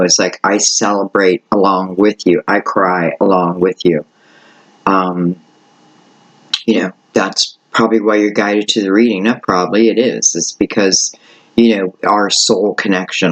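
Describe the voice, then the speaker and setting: A man with a fairly low voice talks his way through a tarot reading. He rambles in a gentle, chatty way and keeps circling back with little asides. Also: poor audio. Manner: rambling, gentle, repeats "you know" and "right". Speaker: tarot reader. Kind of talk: casual spoken tarot reading.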